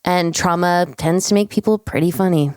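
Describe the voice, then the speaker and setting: Canadian female co-host, fairly low voice, deadpan wit, tight dry booth sound. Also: moderate pace, clear, resonant tone, dry recording. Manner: wry, joking. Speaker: podcast co-host. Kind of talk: casual chat.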